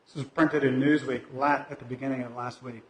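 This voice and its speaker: A man's voice: mid-range voice, little pitch movement, fairly quick. A man giving an informal talk from the pulpit of a church, musing aloud with many fillers and restarts. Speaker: lay speaker at a church service. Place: church sanctuary. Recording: echoey church hall.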